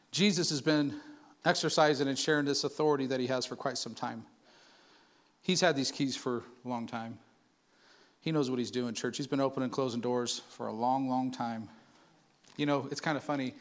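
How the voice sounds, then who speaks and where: A man preaching a sermon to his church, animated and conversational, asking the congregation for responses. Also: mid-range voice, normal speed, pauses often. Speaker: pastor.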